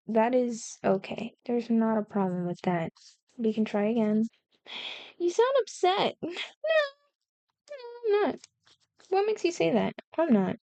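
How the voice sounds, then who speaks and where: A woman's voice: fairly high pitch, creaky, warm tone, no room sound, dull audio. Chatty woman vlogging while painting. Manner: chatty, self-mocking, talks to viewers. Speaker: art vlogger. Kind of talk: casual chat while painting. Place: indoors, sitting on the floor.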